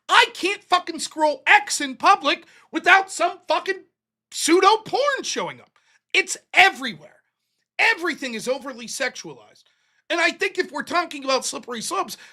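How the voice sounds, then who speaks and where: A man's voice: very high-pitched, sharp tone. A man arguing in a debate, profane and rambling, acting out little quoted voices as he goes. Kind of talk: heated debate talk.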